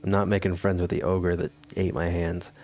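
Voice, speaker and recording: A man's voice: sits low, level tone, normal speed, a little mellow, faint music behind. A young man casually narrating a text adventure game, sardonic and swearing, laughing at the story. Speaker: gaming video host. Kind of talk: casual let's-play narration.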